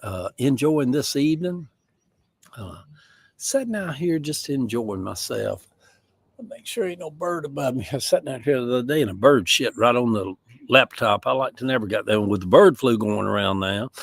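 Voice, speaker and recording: A man's voice: medium pitch, lively intonation, moderate pace, vocal fry, husky, dry recording. A man with a Southern US accent chatting casually on a livestream from outdoors, rambling in a folksy way with chuckling asides. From American South. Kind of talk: casual chat. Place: outdoors in a yard.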